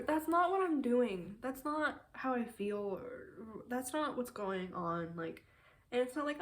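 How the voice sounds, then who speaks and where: Sad teary woman, kinda high voice, rambly confessional vlog at home, halting, trails off into whispers. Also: expressive, a bit bright. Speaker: vlogger. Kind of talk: confessional video diary.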